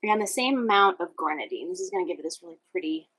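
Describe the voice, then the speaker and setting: Upbeat young woman from louisiana making drinks at home, bright voice, chatty host. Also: lowish voice, expressive, quick pace, rough recording. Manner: chatty and upbeat, talking to the viewer while mixing. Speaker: cooking show host. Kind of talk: casual cocktail demonstration.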